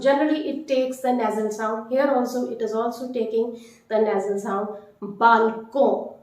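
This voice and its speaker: A woman teaching a vocabulary lesson, repeating each word slowly and deliberately. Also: high voice, a little mellow. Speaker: French teacher. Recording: very echoey room.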